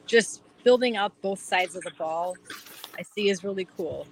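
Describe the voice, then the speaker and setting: A woman's voice: medium pitch, moderate pace, slight background noise, rough recording. A woman with a Wisconsin accent, chatting eagerly as an interview guest, rambling with lots of fillers. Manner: enthusiastic, rambling with many fillers. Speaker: guest fan. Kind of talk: casual interview chat.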